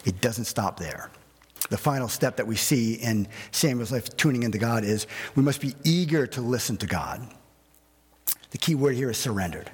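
A man preaching a sermon as pastor, animated and conversational, with personal asides. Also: mid-range voice, normal speed, breathy edge, long reverb tail.

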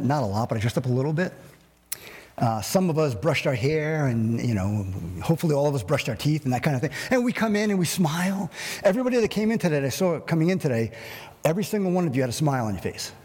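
A male pastor preaching a sermon in an animated way, acting out everyday scenes with humor. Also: medium pitch, breathy edge, in a large hall.

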